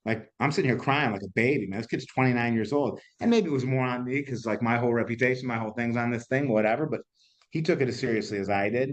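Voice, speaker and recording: A middle-aged man, an entrepreneur, telling candid stories in an interview, animated and laughing, now and then swearing. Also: medium pitch, quick pace. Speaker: entrepreneur guest.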